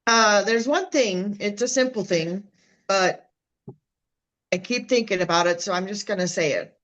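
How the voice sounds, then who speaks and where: A woman co-hosting a podcast in casual chat, answering in hesitant, measured replies. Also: medium pitch, fairly bright tone, dull audio.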